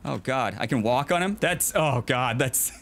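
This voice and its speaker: Chatty man with a lively pitch. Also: moderate pace. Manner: chatty, jokey, reacts aloud and chuckles often. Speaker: let's play host. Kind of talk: casual gameplay commentary.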